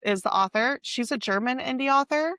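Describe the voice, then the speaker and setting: This high-pitched, slightly bright female voice talks briskly, with no echo in the recording. She's a podcast co-host in a loose conversation about books, chatty and full of fillers, frequently stopping as she searches for words.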